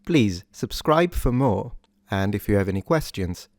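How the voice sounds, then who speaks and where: Low-voiced man teaching pronunciation. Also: expressive, a little mellow, no echo, clean studio sound. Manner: repeats words slowly and carefully, then explains. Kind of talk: scripted pronunciation lesson.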